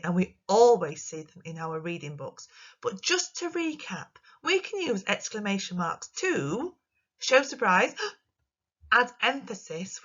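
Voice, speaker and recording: Lively woman teaching young kids. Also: medium pitch, muffled recording. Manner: expressive, sing-song teacher voice. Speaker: primary school teacher. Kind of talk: recorded remote lesson for young children.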